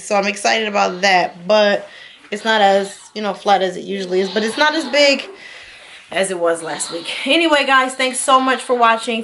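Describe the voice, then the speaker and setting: A woman in her thirties talks straight to her viewers in a casual personal vlog. Her delivery is candid and a little rambling, full of small fillers and restarts, at an ordinary mid pitch. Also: a bit bright, a little hiss or hum. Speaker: vlogger.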